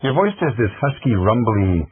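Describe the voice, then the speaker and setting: A man voicing a gentle, affectionate young man who speaks softly and soothingly on the phone. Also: medium pitch, very animated, moderate pace, breathy edge, no room sound. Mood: tender. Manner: soft, soothing. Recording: tinny phone-like dry audio.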